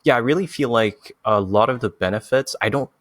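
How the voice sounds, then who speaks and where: A man's voice: medium pitch, fairly quick, fairly bright tone, no room sound, clean studio sound. A man whose first language is French, hosting a casual conversation and talking chattily with many likes and you knows. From France. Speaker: host.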